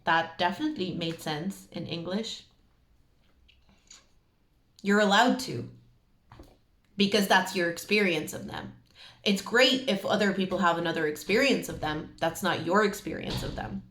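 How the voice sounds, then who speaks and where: A woman's voice: fairly low pitch, a little slow, pauses often, fairly bright tone, echoey room. A woman giving a casual tarot reading to camera, chatty and emphatic, with many fillers. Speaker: tarot reader.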